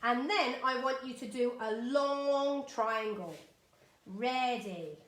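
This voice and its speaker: A woman's voice: a little high, slow, fairly bright tone, echoey room. A middle-aged woman teaching a live-streamed step-by-step drawing lesson, chatty and encouraging, greeting viewers by name. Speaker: art teacher. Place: home art studio.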